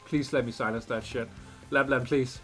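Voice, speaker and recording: A man's voice: medium pitch, steady tone, moderate pace, fairly bright tone, soft background music. A man doing let's play commentary over a strategy game, full of profane, exasperated banter. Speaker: game streamer.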